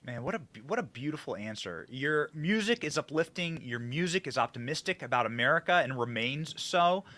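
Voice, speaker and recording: A man's voice: fairly high pitch, lively intonation, fairly quick, sharp tone. A man hosting a political podcast interview, talking emphatically and hitting his stresses hard. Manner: emphatic, rising to punchy stresses. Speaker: podcast host.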